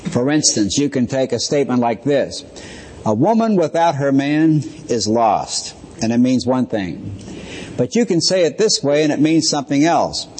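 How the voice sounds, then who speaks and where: Guy teaching a bible lesson, kinda husky voice, slows down on the key words, big echoey hall. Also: mid-range voice, very animated, darkish tone. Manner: measured, explanatory, slows to stress key phrases. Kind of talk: sermon-style Bible teaching. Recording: reverberant hall.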